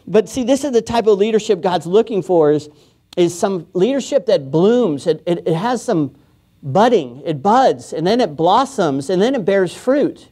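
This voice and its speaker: A man's voice: high voice, lively intonation, normal speed, mellow. A man preaching a sermon as pastor, in a casual, joking way, often chuckling and acting out quoted voices. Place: church.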